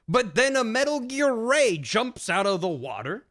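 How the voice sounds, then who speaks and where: A young male streamer rambling through a casual plot recap, full of ums and restarts. His voice sits a bit high for a man. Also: big pitch swings, a little slow, a bit bright. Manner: rambling, chatty, frequent fillers and restarts. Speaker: streamer host.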